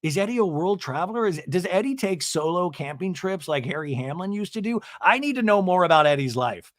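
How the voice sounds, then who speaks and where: A man hosting a podcast, chatting through a comedic reality TV recap in a gossipy way and slipping into quick mock voices. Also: a little high, fairly bright tone, no echo, clean studio sound.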